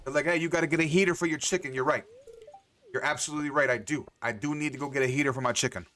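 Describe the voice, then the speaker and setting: A man's voice: a little high, rapid-fire, fairly bright tone. A man livestreaming a farming game, rambling to himself and swearing often in casual commentary.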